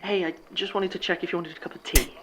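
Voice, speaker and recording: A man's voice: high-pitched, steady tone, fast, natural voice. An actor playing a kind, awkward male coworker, apologetic and fumbling. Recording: audio drama with loud background noise.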